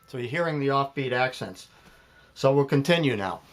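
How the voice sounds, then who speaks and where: A man's voice: medium pitch, lively intonation, moderate pace. A man giving a jazz piano lesson, explaining phrasing step by step and counting beats aloud. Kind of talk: spoken music lesson. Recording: loud piano playing behind the voice.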